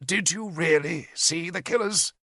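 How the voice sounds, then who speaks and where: A man's voice: on the high side, measured pace, gravelly, bright, forceful tone, no room sound, studio quality, voice pushed up, exaggerated voice. A man voicing an impatient, troubled old bishop who questions sharply. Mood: doubting.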